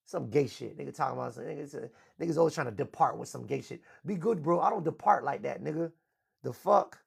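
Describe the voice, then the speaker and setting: His voice sits a little high, gravelly and husky, and he talks at a quick pace. The man hosts a livestream talk show and delivers a loud, foul-mouthed, boastful tirade.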